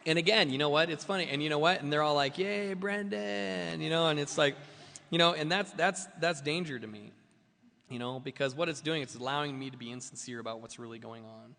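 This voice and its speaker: A man's voice: on the high side, quick pace, sharp tone. A man sharing his personal recovery story at a meeting, rambling and self-mocking with lots of fillers. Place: meeting hall. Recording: long reverb of a meeting hall.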